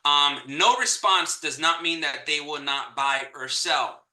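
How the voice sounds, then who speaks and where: Guy coaching realtors, bright sharp voice, kinda high, echoey room. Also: a little slow. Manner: energetic, repeats key points for emphasis. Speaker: real estate trainer. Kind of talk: live online training talk.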